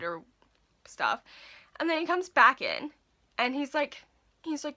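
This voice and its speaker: A woman in her twenties telling a casual storytime vlog, animated and full of "like". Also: medium pitch, brisk. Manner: animated, filler-heavy storytelling with lots of "like". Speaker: vlogger.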